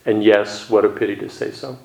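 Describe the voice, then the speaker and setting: A man giving a Zen dharma talk, calm and reflective with a gently wry humor. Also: fairly low pitch, fairly quick, vocal fry, heavy background noise. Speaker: Zen teacher. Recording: echoey room.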